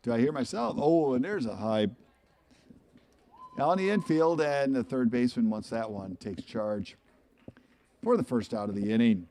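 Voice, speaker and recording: A man calling a live baseball game play-by-play, chatty and rambling into asides between pitches. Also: moderate pace, long pauses, warm tone. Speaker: play-by-play commentator.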